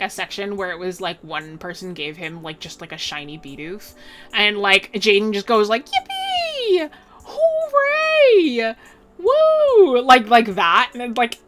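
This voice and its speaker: A young woman streamer chatting casually, bubbly and rambling, full of "like" and quick laughs. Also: fairly low pitch, bright, forceful tone. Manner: bubbly, rambling, heavy "like" filler, bursts of laughter.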